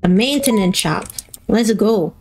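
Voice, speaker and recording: A woman's voice: mid-range voice, animated, unhurried, noisy background. A woman hosting a gaming video, giving chatty let's-play commentary and playfully reacting to herself as she plays.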